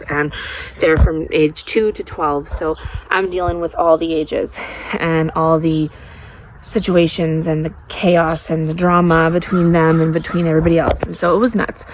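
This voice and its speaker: A woman's voice: fairly low pitch, slight background noise, poor audio. A woman in her thirties, a mother, telling a personal faith story in an earnest, candid way, sitting outdoors in her yard. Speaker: mother sharing faith testimony. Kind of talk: casual personal testimony vlog.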